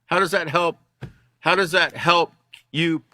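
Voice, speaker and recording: An older man leads a class, reading articles aloud and mocking them with heavy sarcasm. His voice sits fairly high and bright, and the recording is close and dry with no room sound. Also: little pitch movement, a little slow, no room sound. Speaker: class teacher. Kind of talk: sarcastic teaching commentary.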